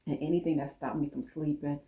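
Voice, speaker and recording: A woman's voice: sits low, little pitch movement, fast talker, dark tone, breathy edge. A woman hosting a casual how-to vlog, chatting straight to her viewers while she works with her hands. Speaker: hair vlogger.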